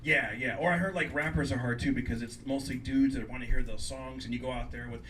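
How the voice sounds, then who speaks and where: A middle-aged man from Fresno, California, doing live stand-up and telling animated stories in which he acts out voices. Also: medium pitch, fast talker, distant mic, slight background noise. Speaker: stand-up comedian and guest.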